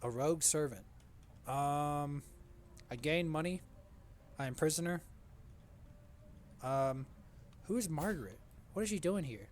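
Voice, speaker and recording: A man's voice: on the high side, animated, moderate pace, pauses often. A young man giving casual, joking gameplay commentary and calling everyone "bro" in slang. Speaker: let's play gamer.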